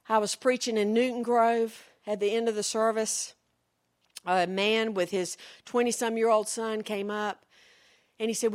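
A woman preacher from the Southern United States giving a sermon, swinging from hushed storytelling to shouted exclamations. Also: fairly high pitch, normal speed.

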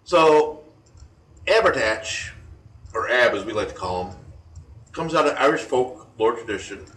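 A man's voice: mid-range voice, expressive, measured pace, fairly bright tone. A man co-hosting a casual chat, retelling folklore in a rambling, joking way with many fillers. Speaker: podcast co-host. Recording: roomy, distant mic, faint ambience.

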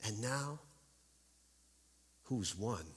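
A man voicing a cruel, gloating witch queen who sneers and threatens in a hushed voice, with long church reverb. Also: fairly high pitch, expressive, a little slow, pitched above the performer's own voice, heavily acted. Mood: hushed menace.

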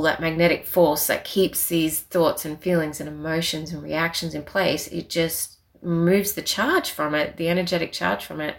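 A woman's voice: on the low side, fairly bright tone. A young woman telling a personal story in a casual, chatty way, full of filler words.

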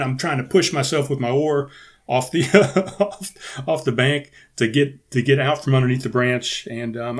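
A man hosting his own podcast in a casual solo chat, rambling and swearing freely into a podcast microphone. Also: medium pitch. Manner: rambling and profane, with many restarts. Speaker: podcast host.

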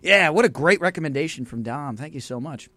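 A man's voice: on the high side, expressive, fairly quick, bright, forceful tone, dry recording. A young man co-hosting a college radio sports show, ranting and mocking in a heated debate. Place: radio studio.

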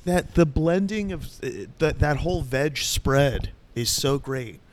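A man's voice: on the high side, expressive, measured pace, crowd noise. A man co-hosting a podcast, joking around in casual chat and often trailing off mid-sentence. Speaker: podcast co-host.

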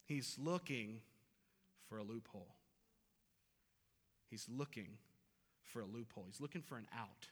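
A man's voice: on the low side, a little slow, long pauses, breathy edge. A man in his thirties preaching a sermon as pastor in a church, earnest and emphatic, repeating key phrases. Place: church sanctuary. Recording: reverberant hall.

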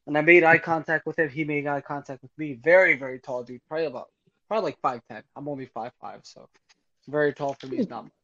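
A man telling a casual story on a podcast, animated and acting out both sides of it. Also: on the high side, quick pace. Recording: muffled lo-fi audio.

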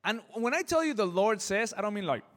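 A pastor telling a personal story in a sermon, lively, acting out the voices in it. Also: male voice, high-pitched, a little fast, long reverb tail. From Southern California. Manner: animated, acts out voices in his stories. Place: church hall.

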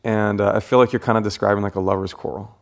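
A pastor hosting a relaxed conversation, his voice sitting a bit low. He speaks reflectively, pausing often with fillers and restarting phrases as he thinks aloud. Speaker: pastor and podcast host. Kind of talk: casual interview chat.

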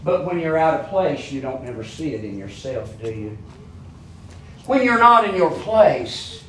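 A man preaching a sermon with fervor, asking his listeners question after question and swinging from loud, high peaks down to low, quiet asides. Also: very animated, normal speed, slight background noise. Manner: fervent, rises to high shouting peaks then drops low; asks the congregation rhetorical questions.

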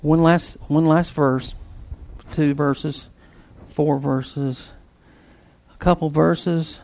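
A man with a notably high voice preaches, telling a story with lively swings in force. He leaps to loud bursts, then drops into hushed, near-whispered lines. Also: very slow, gravelly. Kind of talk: storytelling sermon.

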